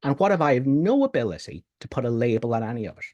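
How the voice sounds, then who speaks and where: A man teaching spiritual ideas in a slow, calm way that turns hushed and quiet on key lines. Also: medium pitch, dull audio.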